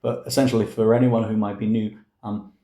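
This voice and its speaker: A man's voice: lowish voice, little pitch movement, fairly quick, dark tone. A man teaching the meaning and pronunciation of opera lyrics, patient and explanatory, with playful asides and many fillers. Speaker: music language teacher. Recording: echoey room.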